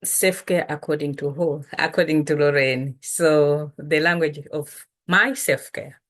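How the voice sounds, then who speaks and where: Middle-aged woman, low voice, laid-back chatty teacher. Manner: relaxed, chatty, slow after lunch. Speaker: language teacher. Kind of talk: casual language lesson.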